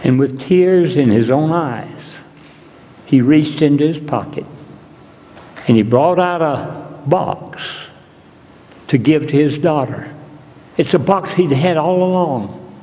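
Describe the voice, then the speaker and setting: A man preaching a sermon in a church, telling a story slowly and deliberately. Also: a little high, lively intonation, warm tone. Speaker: pastor. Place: church sanctuary. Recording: long reverb in a large hall.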